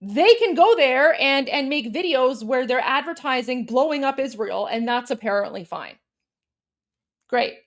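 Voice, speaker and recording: High-voiced woman, sarcastic co-host. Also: expressive, normal speed, hardly any pauses. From Canada. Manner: indignant, sarcastic, repeats words when heated. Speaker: political commentator and co-host. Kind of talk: casual political chat.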